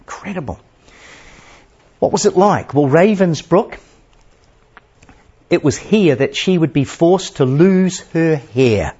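Husky male preacher telling a story. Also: fairly high pitch, expressive, slow, pauses often, lo-fi sound. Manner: dramatic storytelling, shifting between loud and hushed. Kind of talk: sermon.

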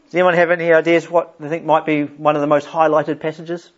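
A man's voice: a little high, level tone, fairly quick, dull audio. A man leading an informal Bible study for a group, chatty and often chuckling as he explains a psalm.

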